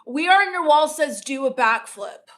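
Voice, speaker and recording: A woman's voice: high voice, expressive, moderate pace, a bit bright. A woman playing a bratty, self-absorbed teenage livestreamer who reads viewer comments aloud in a snarky, dismissive way. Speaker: comedian doing a livestream character. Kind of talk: improvised livestream comedy.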